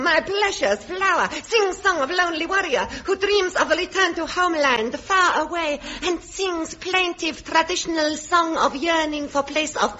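A man's voice: very high-pitched, exaggerated voice. A man playing a hammy villain warlord. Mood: scheming. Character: scheming male villain warlord with a put-on high voice. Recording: dull old radio recording with loud hiss and live audience.

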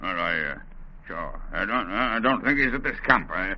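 A man's voice: low-pitched, lively intonation, normal speed. An actor playing a bossy, evasive camp foreman who barks orders and stammers when nervous, in 1940s radio acting. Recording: dull old radio recording.

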